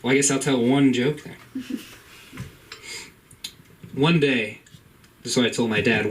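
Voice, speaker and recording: A young man doing open-mic stand-up in a comedy club, rambling and deadpan. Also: medium pitch, measured pace, long pauses. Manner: laid-back, rambling, deadpan asides. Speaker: stand-up comic. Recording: distant mic, faint room noise.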